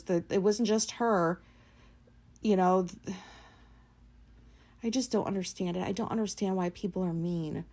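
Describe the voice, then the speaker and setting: A woman's voice: on the low side, darkish tone. Blunt, swearing woman telling a story. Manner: blunt and profane, many fillers. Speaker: podcast host. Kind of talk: casual personal storytelling.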